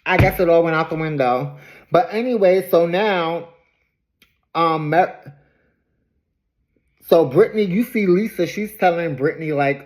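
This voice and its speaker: A woman casually recapping a reality show episode in an animated, gossipy storytelling manner. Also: fairly low pitch, measured pace, pauses often.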